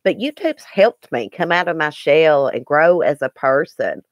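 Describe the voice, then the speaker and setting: A woman's voice: deep voice, expressive, a little slow, no room sound, studio quality. A woman hosting a casual live stream, chatting earnestly with viewers and replying to their comments. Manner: chatty and earnest, with frequent ums and restarts. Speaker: YouTube live-stream host.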